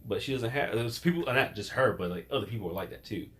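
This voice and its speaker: A man's voice: lowish voice, fast talker, a bit bright. A man hosting a podcast in casual chat, rambling and acting out quoted voices. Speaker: podcast host.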